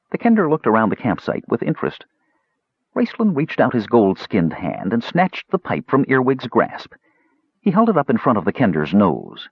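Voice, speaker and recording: A man narrating a fantasy story in an expressive, lively reading. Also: medium pitch, moderate pace, breathy edge, no room sound. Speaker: audiobook narrator. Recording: dull lo-fi dry recording.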